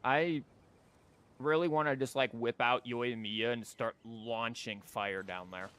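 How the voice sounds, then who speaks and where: A man's voice: mid-range voice, fairly even intonation, unhurried, a bit bright, clean tone. Rambling, joking male game streamer. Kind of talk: casual gameplay commentary.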